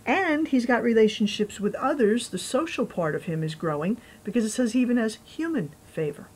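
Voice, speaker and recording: A woman's voice: on the high side, fairly quick, slightly rough, rough recording. Chatty woman pastor preaching. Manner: chatty and animated, with asides and laughs. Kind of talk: conversational sermon with scripture reading.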